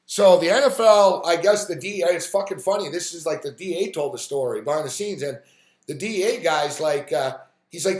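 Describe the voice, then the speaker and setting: A man ranting on a sports live stream, swearing freely and acting out the people in his story. His voice sits a little high, and the room gives it a clear echo. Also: normal speed, darkish tone. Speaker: sports talk host. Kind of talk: profane live-stream rant.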